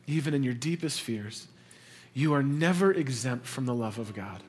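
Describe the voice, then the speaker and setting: Earnest pastor preaching, soft then rising. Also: male voice, husky, faint music behind. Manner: earnest, builds to intense emphasis then drops soft and low; conversational storytelling with quick asides. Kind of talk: sermon.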